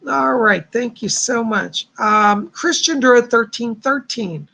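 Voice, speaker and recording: A man's voice: very high-pitched, slow, vocal fry, bright, forceful tone. A man hosting a live stream of psychic readings, talking in a chatty, reassuring way with a somewhat strained voice. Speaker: psychic host.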